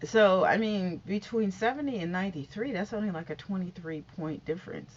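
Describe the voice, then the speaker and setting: A woman's voice: medium pitch, a little fast, muffled recording. A woman, vlogging a casual news recap, chatty and scattered, talking straight to her viewers. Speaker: YouTube vlogger.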